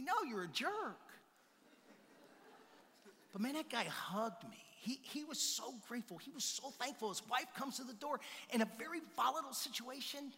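A male pastor telling a personal story in a sermon, animated, swinging between loud outbursts and hushed quiet passages. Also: very high voice, normal speed, big-room sound.

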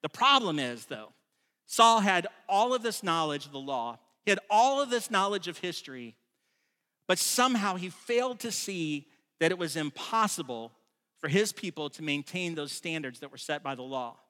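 A man preaches in a high, bright, forceful voice, keeping it relaxed and conversational while he stresses key points. He often stumbles into restarts. His voice carries a long reverb from the large room he speaks in. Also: moderate pace. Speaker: pastor. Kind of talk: sermon.

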